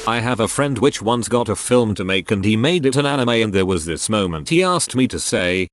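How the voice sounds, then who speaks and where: A man's voice: on the low side, lively intonation, moderate pace, hardly any pauses, faint music behind. A man narrating a string of online posts aloud, reading each one in turn in a scripted narration style.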